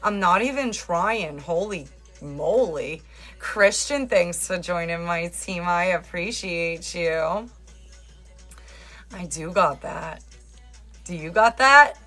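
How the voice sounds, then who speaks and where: A woman's voice: on the low side, lively intonation, slow pace, pushed and bright, soft background music. A woman hosting a live stream on her phone, chatting with viewers in a teasing, talkative way and answering their comments as they come in. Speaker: livestream host. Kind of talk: casual livestream chat.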